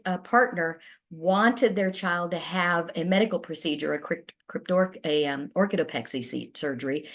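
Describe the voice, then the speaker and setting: A middle-aged woman, a family therapist, presenting a webinar in an earnest, measured way. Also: fairly low pitch. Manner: earnest, measured, with quoted dialogue acted briefly.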